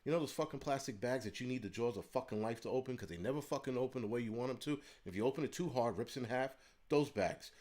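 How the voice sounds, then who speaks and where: A man rants through a story, swearing freely and getting heated as he goes. His voice sits at an ordinary, middle pitch. He talks like a channel host venting straight to his viewers. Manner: profane, heated, animated. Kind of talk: ranting storytelling monologue.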